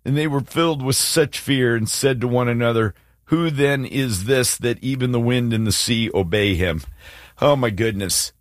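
A man's voice: moderate pace, dry recording, studio quality. A man co-hosting a casual Bible discussion, acting out quotes with big swings in his voice. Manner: animated, acts out quotes with swings in pitch. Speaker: co-host of a faith talk show.

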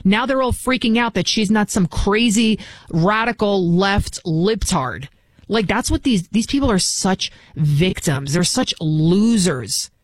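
A woman's voice: medium pitch, animated, measured pace, no echo. A woman filling in as a talk radio host, delivering a combative, scornful political monologue into a studio mic.

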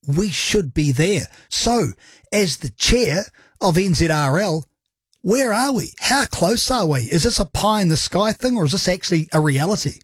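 A man's voice: high voice, expressive, normal speed, husky, dry recording, studio quality. A man with a New Zealand accent hosting a talkback sports radio show, chatty and jokey in an upbeat way. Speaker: radio sports talk host. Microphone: studio microphone.

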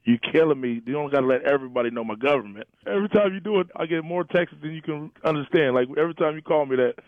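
A man's voice: fairly high pitch, animated, fast talker, dry recording. Male caller on a tinny phone line. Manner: casual, playful complaining.

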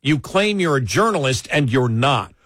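A man co-hosting a talk radio show, telling stories in casual political chat with quick asides and restarts. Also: medium pitch, no echo. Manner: animated storytelling, quick asides, frequent restarts.

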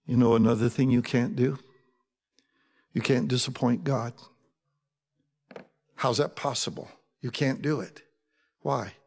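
A man preaching a sermon as pastor, talking in a conversational, animated way with asides to his congregation. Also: mid-range voice, unhurried, gravelly, pauses often, husky, in a large hall.

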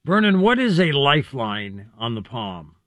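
A male radio host speaks in a studio with a lively, rising and falling voice. His sound is dry and close to the mic. He asks brief, direct questions. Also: medium pitch, moderate pace, no room sound. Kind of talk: interview questions.

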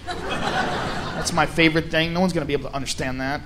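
High-voiced crude stand-up comic. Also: male voice, fairly quick, noisy background. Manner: crude, profane, animated storytelling. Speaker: stand-up comedian. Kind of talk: stand-up comedy set. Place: comedy stage before an audience. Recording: live stage with crowd laughter.

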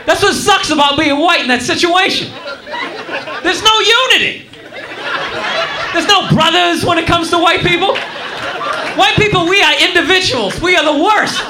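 High-voiced man doing rambling stand-up. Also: normal speed, long pauses, crowd noise, background noise. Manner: rambling, animated storytelling with crude asides. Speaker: stand-up comedian. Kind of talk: stand-up comedy set. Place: comedy club with live audience. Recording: echoey comedy club with loud audience.

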